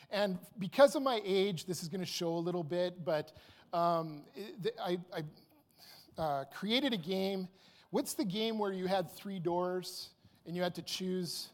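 A man in his fifties tells a personal anecdote. His voice sits high, and he rambles animatedly with fillers and restarts. The sound rings out with a long hall reverb. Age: 50s. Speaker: storyteller. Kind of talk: personal anecdote told aloud.

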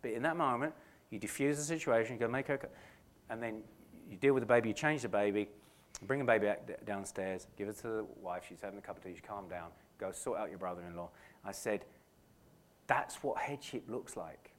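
A middle-aged British man preaching a sermon as a pastor in a church, earnest and animated, often restarting his phrases and acting out quotes. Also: lowish voice, fairly quick, slight background noise. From Britain.

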